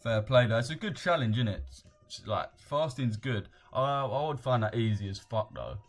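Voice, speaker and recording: A man's voice: mid-range voice, moderate pace, faint music behind. A young man with a London accent, chatting casually and rambling in slang on a live trading stream. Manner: slangy, rambling, reads chat aloud.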